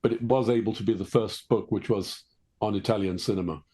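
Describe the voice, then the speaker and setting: An older man with a Liverpool accent, a guest author telling stories in a measured, reflective way during an interview. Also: fairly low pitch, fairly even intonation, warm tone. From Liverpool, England. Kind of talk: conversational interview.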